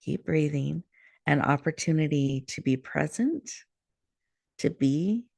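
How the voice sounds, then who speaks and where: A woman hosting a show, leading listeners through a guided breathing meditation in a soft, soothing way over a video call. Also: deep voice, lively intonation, vocal fry, dry recording. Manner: soft, slow, soothing guidance. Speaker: host.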